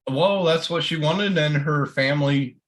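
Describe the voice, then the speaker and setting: A man's voice: a little high, unhurried, a bit bright. A man chatting loosely on a livestream, swearing and laughing often. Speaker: guest on a livestream chat. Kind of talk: casual chat.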